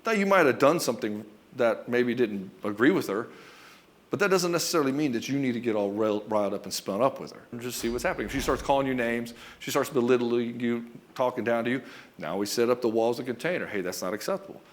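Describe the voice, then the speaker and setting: Fast-talking blunt profane male coach. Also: mid-range voice. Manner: acts out short quoted lines in other voices. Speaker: relationship coach. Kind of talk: direct-to-camera coaching talk.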